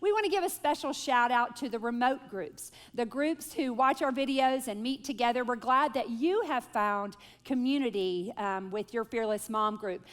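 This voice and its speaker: A woman in her forties speaking to a moms' group, telling stories in an animated, self-deprecating way and leading a prayer. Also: fairly high pitch, normal speed, few pauses. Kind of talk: live talk with prayer and storytelling. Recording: long hall reverb.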